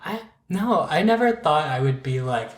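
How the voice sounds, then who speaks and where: A man's voice: on the high side, expressive, moderate pace. A man from Pittsburgh co-hosting a podcast, joking in a casual, sassy way with slang. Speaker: podcast co-host. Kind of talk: casual chat. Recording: echoey room.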